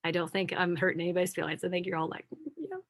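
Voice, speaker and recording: A middle-aged woman speaks candidly and warmly preachy, like a motivational speaker leading a group call. Her voice sits fairly low and sounds dry and close, with no room around it. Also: racing, no room sound. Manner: candid, preachy and animated, addressing listeners as friends. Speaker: guest speaker. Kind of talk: motivational talk on a video call.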